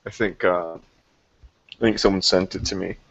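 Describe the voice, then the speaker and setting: Man, blunt laid-back caller; low voice, dry dull webcam audio. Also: fairly even intonation, unhurried, vocal fry, dry recording. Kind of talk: casual group video chat.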